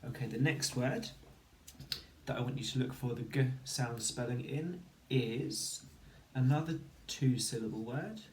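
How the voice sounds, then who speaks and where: Slow, patient male phonics teacher. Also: medium pitch, darkish tone, reverberant, slight background noise. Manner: slow, counting and sounding out letters. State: hay fever. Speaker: primary school teacher. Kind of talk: phonics lesson for children.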